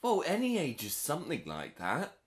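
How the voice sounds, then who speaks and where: A man's voice: on the high side, wildly swooping pitch, normal speed. Teasing man in a roomy echo. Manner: teasing, argumentative, laughs often. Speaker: podcast co-host. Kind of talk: casual chat.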